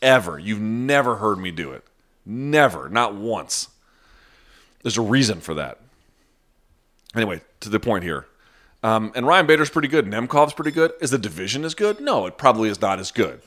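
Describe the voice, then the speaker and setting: A man's voice: fairly low pitch, big pitch swings, normal speed, a bit bright. A man hosting a casual live chat, answering viewer questions off the cuff in a blunt, profane way.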